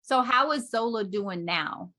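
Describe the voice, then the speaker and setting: A woman's voice: fairly high pitch, lively intonation, measured pace, sharp tone. A woman co-host of an interview show, asking questions and summing up with affirming remarks. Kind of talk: podcast interview.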